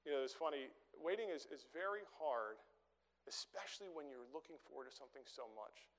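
Middle-aged pastor guy preaching, chatty storyteller, kinda high voice, big echoey church sound. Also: lively intonation, fairly quick. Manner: conversational, storytelling with rhetorical questions. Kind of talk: sermon. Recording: long reverb of a large room.

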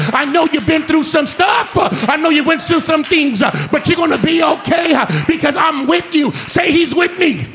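A man preaching as a guest speaker in a church, shouting in fiery, repetitive call-and-response, with worship music behind him. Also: very high voice, creaky. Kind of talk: shouted sermon. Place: church sanctuary.

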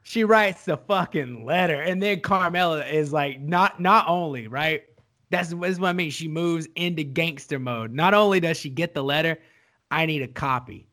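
A man co-hosting a podcast in casual chat, animated and swearing, laughing often as he talks. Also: on the high side, moderate pace. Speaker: podcast co-host.

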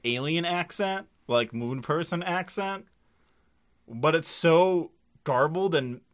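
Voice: medium pitch, a bit bright. A podcast co-host recapping episodes in casual chat, rambling with lots of filler words and frequent laughs.

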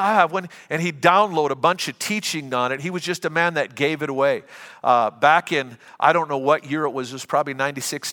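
Bright-voiced pastor preaching in a hall. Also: male voice, a little high. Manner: conversational, anecdotal, with frequent restarts. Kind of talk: sermon.

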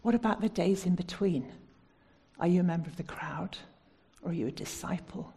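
A woman preaching a sermon from the United Kingdom, putting earnest, searching questions to the congregation and turning soft and prayerful when she leads prayer. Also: lowish voice, moderate pace, creaky, slight background noise.

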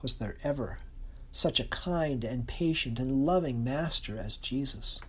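A preacher delivering a sermon in an earnest, expressive way, slowing and softening for emphasis. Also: medium pitch, breathy edge.

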